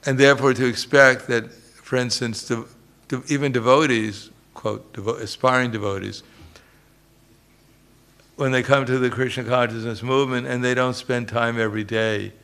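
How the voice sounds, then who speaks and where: Gravelly-voiced man giving a humorous sermon. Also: medium pitch, steady tone, normal speed, fairly bright tone. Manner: humorous storytelling, chuckles often. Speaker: swami giving a lecture. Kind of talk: religious lecture.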